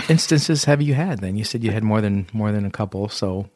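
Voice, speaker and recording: A man's voice: fairly low pitch, brisk, slight background noise. A man hosting a casual interview, chatting easily and asking follow-up questions. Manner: relaxed, conversational, asks follow-up questions. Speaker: host.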